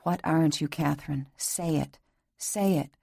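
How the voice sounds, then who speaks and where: A woman reading the part of a tender, insistent young husband, speaking low in a hushed, whispering voice. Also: moderate pace. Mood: urgent whisper.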